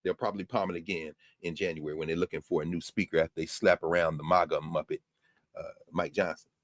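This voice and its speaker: A man's voice: deep voice, quick pace, dry recording, clean studio sound. A man hosting a lecture podcast, reading passages aloud and breaking off into emphatic commentary. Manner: animated, emphatic asides between quoted passages.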